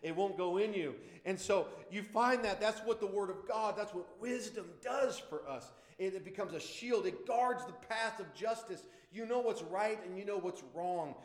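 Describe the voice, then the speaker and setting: Fervent high-voiced man preaching. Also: normal speed, hardly any pauses, echoey room. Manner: fervent, repeats himself, bursts into praise. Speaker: Bible study teacher. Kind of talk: informal preaching Bible study.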